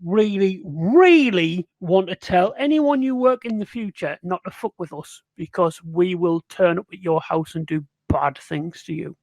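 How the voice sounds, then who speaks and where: Man, tabletop player, boisterous, joking, scheming, high-pitched, dry close sound. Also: unhurried, few pauses, a little mellow, no room sound. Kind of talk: playing a tabletop game over a call.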